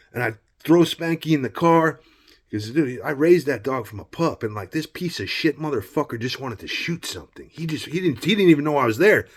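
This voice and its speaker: A man's voice: mid-range voice, breathy edge. Middle-aged man, casual vlog storytelling, rambling, fiery, mid-range voice. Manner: rambling, heated, frequent "you know what I mean". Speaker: vlogger.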